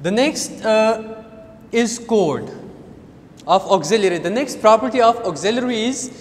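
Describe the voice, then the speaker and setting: Slow, lively-pitched male teacher. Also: long reverb tail. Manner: slow and deliberate, repeating key phrases and checking with "Understand?". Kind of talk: grammar lesson.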